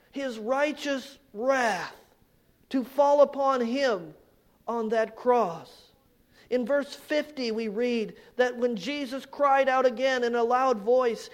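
Slow-preaching man with a high voice. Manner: slow, emphatic preaching with dramatic swells and drops. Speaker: pastor. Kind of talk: sermon.

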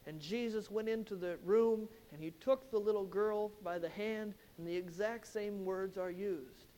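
High-voiced man preaching a sermon. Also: a little slow, warm tone. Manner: emphatic storytelling with rhetorical questions. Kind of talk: sermon, expository Bible teaching.

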